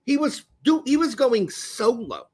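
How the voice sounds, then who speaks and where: Fifties male co-host, high lively voice, crude and animated banter. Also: measured pace, breathy edge. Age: 50s. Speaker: podcast co-host. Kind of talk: casual sports chat.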